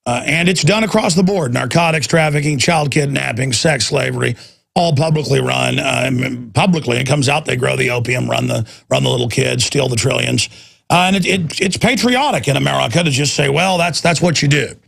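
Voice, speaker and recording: A man's voice: mid-range voice, fairly quick, creaky, a bit bright. A man hosting a talk radio show, ranting intensely in a combative political monologue.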